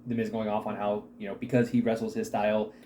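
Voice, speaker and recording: A man's voice: fairly low pitch, level tone, quick pace, warm tone, slight background noise. A British man co-hosting a wrestling chat show, chatting casually with brief interjections.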